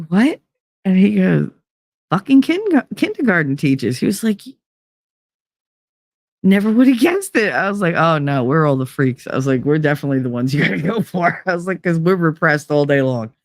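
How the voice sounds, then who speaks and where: Lady spinning a story on her podcast, gravelly voice, dry close sound, swears a lot and laughs. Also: low-pitched, no room sound. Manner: profane, laughing, acts out quoted voices. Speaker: podcast host. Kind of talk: casual storytelling.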